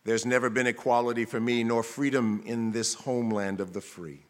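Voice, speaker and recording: A man voicing a weary, downtrodden man who answers in a low, hushed, somber tone. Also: steady tone, moderate pace, in a large hall, lightly acted.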